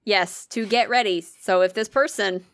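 A woman's voice: medium pitch, normal speed, a bit bright, dry recording, clean studio sound. A woman co-hosting a casual podcast, talking bluntly and swearing offhandedly. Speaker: podcast co-host. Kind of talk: casual chat.

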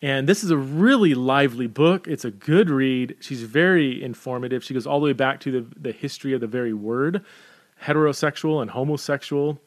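A man at an ordinary middle pitch, chatting casually as he recommends books. He halts often, filling gaps with ums and uhs and restarting his sentences. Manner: halting, many fillers and restarts. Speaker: book reviewer. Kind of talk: casual book recommendation talk.

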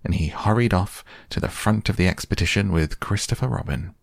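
A man softly narrating a bedtime audiobook in a slow, gentle reading. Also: deep voice, vocal fry, dry recording, studio quality. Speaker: podcast reader.

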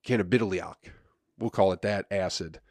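A man's voice: sits low, moderate pace, darkish tone, dry recording, studio quality. A male comedian hosting his own podcast, rambling in a crude, sarcastic way with mock self-importance. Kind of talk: casual solo podcast monologue.

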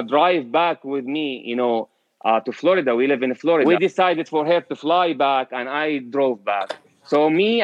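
A man's voice: on the high side, dry recording. A man speaking English with a non-native accent, telling his own story in a hesitant way, full of fillers. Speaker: interviewee. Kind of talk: personal storytelling. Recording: dry, dull lo-fi recording.

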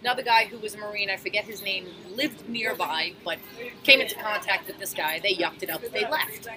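New bartender woman, blunt and profane raconteur, mid-range voice, recorded outdoors with clear traffic noise. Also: medium pitch, a little fast. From Astoria, Queens, New York. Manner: lively, blunt and profane, acts out shouting in her stories. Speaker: bartender, guest. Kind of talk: animated storytelling in casual conversation. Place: outdoors at a street-side table.

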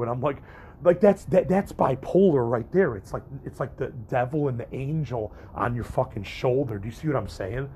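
A man's voice: medium pitch, moderate pace, darkish tone, slight background noise. A young man vlogging in a candid, rambling monologue to his viewers, swearing freely and restarting his sentences as he goes. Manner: candid, profane, rambling with frequent restarts and fillers. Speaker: vlogger and podcaster.

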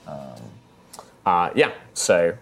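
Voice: low voice, lively intonation, extremely slow, fairly bright tone. A game master describing a flooded dungeon and explaining rules in a casual tabletop session, with many fillers.

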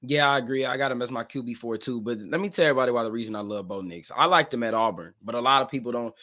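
A man's voice: medium pitch, quick pace, few pauses, fairly bright tone. A man co-hosting a casual sports podcast, blunt and emphatic, often repeating words as he makes his case. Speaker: co-host.

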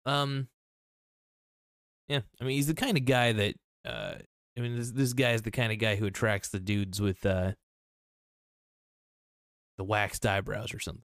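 A man's voice: lowish voice, fairly even intonation, normal speed, pauses often, a bit bright, clean tone, no echo, studio quality. A man giving casual reaction commentary in a blunt, rambling way, swearing freely and restarting his sentences.

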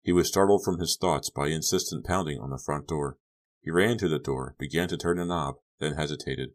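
A man narrating a horror audiobook in a measured, suspenseful way. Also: rumbling low.

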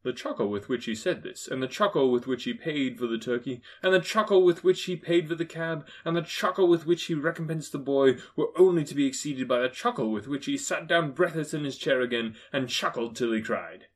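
A man narrating a classic story aloud with expressive, lilting storytelling. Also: fairly high pitch, a little fast, few pauses. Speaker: audiobook narrator. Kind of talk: storybook reading.

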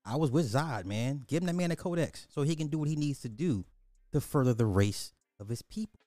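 A man's voice: medium pitch, big pitch swings, fairly quick, warm tone, no room sound, clean studio sound, soft background music. A man giving casual commentary, ranting crudely and repeating himself in disbelief. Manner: crude, repetitive, incredulous ranting. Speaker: online commentator.

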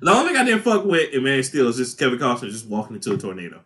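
A man co-hosting a podcast, chatting casually, joking and breaking into loud impressions. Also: mid-range voice, wildly swooping pitch, rapid-fire. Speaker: podcast co-host. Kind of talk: casual chat.

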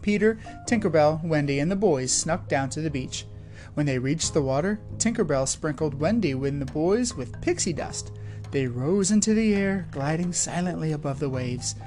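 A woman narrating children's stories in an expressive, lively reading. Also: low voice, moderate pace, faint music behind. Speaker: storyteller. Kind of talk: scripted storybook narration.

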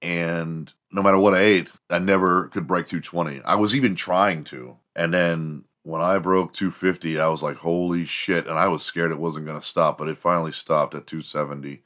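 A man's voice: deep voice, fairly even intonation, normal speed, few pauses, fairly bright tone. A man from Houston hosting a podcast, talking in a crude, joking, rambling solo monologue. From Houston, Texas. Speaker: podcast host.

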